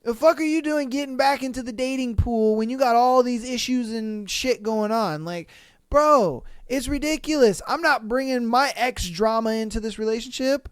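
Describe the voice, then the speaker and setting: Podcast host, male, clear smooth voice, dry close sound, blunt and profane story reactions. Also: very high voice, moderate pace, dry recording. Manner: blunt, profane, exasperated commentary. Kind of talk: reading and reacting to listener stories.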